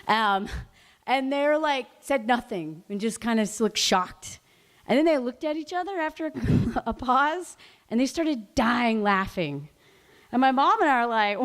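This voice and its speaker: A woman in her late thirties tells a personal story live, her voice sitting a little high. She talks in a loose, chatty way, stacking "like" fillers and laughing through the telling. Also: expressive, unhurried. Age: late 30s.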